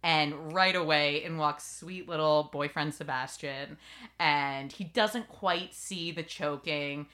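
A woman hosting a podcast, recapping a TV episode in lively casual chat and acting out lines from the scenes. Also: low-pitched, slow pace. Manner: lively storytelling, acts out quotes. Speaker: podcast host.

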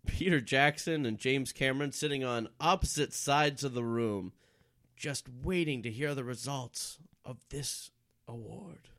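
A man narrating an improv comedy scene in a middle-pitched voice, laid back and full of fillers. The recording is dry and close to the mic. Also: a little slow, a bit bright, no echo. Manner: casual, with fillers.

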